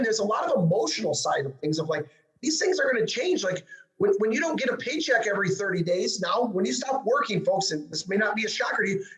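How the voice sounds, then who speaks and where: A high-voiced man hosts the show and talks at a rapid clip. He is excitable, stumbling through restarts and tag questions as he builds toward his next question. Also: rough recording. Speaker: show host and financial advisor. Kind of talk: interview hosting.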